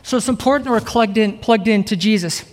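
A middle-aged man with a high voice, an evangelist giving an energetic sermon and keeping a live audience engaged. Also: fairly quick. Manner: upbeat, keeps asking the crowd "right?". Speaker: evangelist preacher. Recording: reverberant hall.

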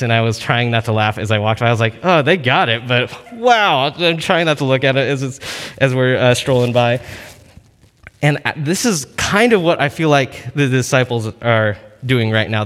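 A man gives a relaxed, conversational sermon at a medium pitch, winding through a story with lots of "like" and restarts. His voice trails into a long reverb. The delivery is informal and storytelling. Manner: conversational, storytelling, many fillers. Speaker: preacher. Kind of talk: casual sermon.

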